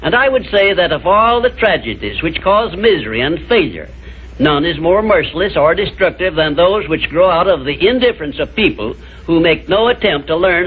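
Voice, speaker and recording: A man delivering a measured, emphatic motivational lecture in an old, tinny archival recording. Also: fairly high pitch, breathy edge.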